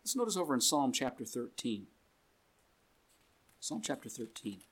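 A man's voice: medium pitch, big pitch swings, normal speed, fairly bright tone, slight background noise. Conversational male preacher reading scripture in a meeting room, easy joking tone. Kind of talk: sermon.

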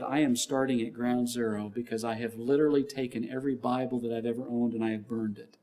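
A male pastor preaching a sermon in an earnest, measured way. His voice sits at an ordinary middle pitch, and he repeats key lines and scripture references for emphasis. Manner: acts out shouting gym trainers with a louder voice.

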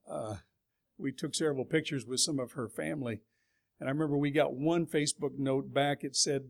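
A middle-aged man from California preaching to his congregation. He tells stories in a folksy, conversational way, and his voice sits a little higher than most men's. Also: creaky. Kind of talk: sermon.

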